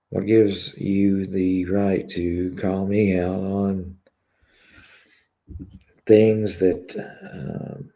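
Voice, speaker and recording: A man hosts a live stream and chats with viewers in a slow, halting way, full of pauses and fillers. His voice is deep, dark and gravelly. He speaks frankly and personally. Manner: hesitant, many pauses and filler words; candid and confessional. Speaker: YouTube channel host. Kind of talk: live stream chat, reading viewer comments.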